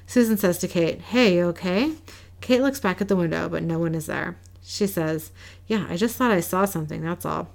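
A woman casually recapping an episode as a podcast co-host, reading the characters' lines in a flat, low-key way. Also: gravelly. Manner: reads quoted lines in a flat, low-key way with small laughs.

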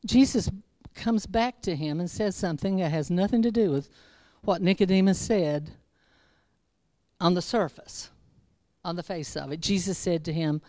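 A woman's voice: on the low side, moderate pace, warm tone, no room sound. A woman preacher giving a conversational sermon, chatty and humorous, with wry asides to the congregation.

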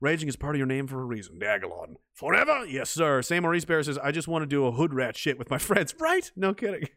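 A man's voice: fairly high pitch, big pitch swings, quick pace, a bit bright, dry recording, clean studio sound. A man hosting a livestream, reading chat aloud and ranting in a blunt, angry, heavily profane way. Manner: angry, blunt, swearing constantly.

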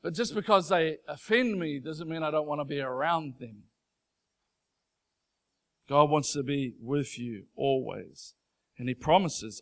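A man preaching a sermon, earnest and emphatic, reading scripture slowly and building into fervent declarations. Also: a little high, fairly bright tone. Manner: reads scripture slowly and deliberately. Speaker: pastor.

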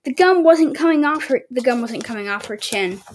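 A woman's voice: high voice, animated, moderate pace, a little hiss or hum. A woman hosting a casual home podcast, reading a book aloud with stumbles and sarcastic asides. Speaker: podcast host.

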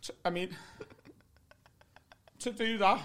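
A man, a guest comedian telling a comic story in an animated way, often asking "right?" and acting out what people said. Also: a little high, normal speed. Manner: animated, keeps asking "right?", acts out quotes.

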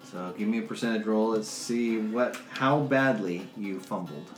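A man running a tabletop game as game master, describing the scene in a relaxed, loose way and laughing often. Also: fairly low pitch, measured pace. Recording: roomy echo, faint music behind.

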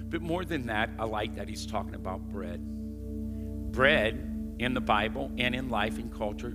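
A middle-aged man preaching a sermon as pastor, swinging between loud, high declarations and hushed, low asides, punctuating his points with catchphrases. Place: large church sanctuary. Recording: long hall reverb with live band music. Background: band playing.

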